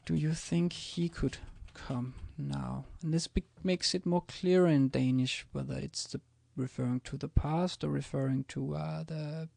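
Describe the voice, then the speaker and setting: Slow, gravelly man teaching with many pauses. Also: a little high, steady tone, warm tone, no echo, clean studio sound. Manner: hesitant, many ums and restarts. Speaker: language teacher. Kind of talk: screencast lesson, typing examples.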